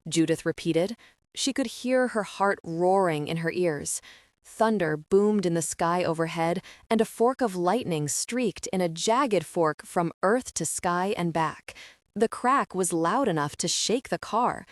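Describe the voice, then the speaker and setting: A woman narrating a novel in a steady, even reading voice. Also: lowish voice, a little slow, no room sound, studio quality. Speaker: audiobook narrator. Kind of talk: scripted audiobook narration.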